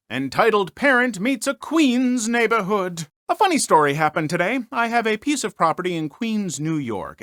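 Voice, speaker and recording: Guy reading out stories and riffing on them, lively up-and-down voice, dry close mic. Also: mid-range voice, dry recording. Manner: chatty, animated commentary with many fillers. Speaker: story narrator.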